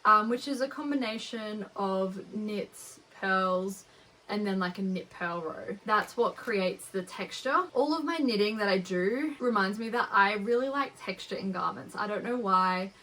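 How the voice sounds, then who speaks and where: A woman's voice: medium pitch, unhurried, pushed and bright, poor audio. A young woman with an Australian accent, hosting a knitting podcast in a rambling, chatty way. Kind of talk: casual chat.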